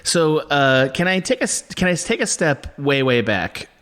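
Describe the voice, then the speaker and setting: A man co-hosting a podcast in casual chat, halting and dry, with many fillers. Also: fairly high pitch, very animated, fairly bright tone, long reverb tail. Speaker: podcast co-host.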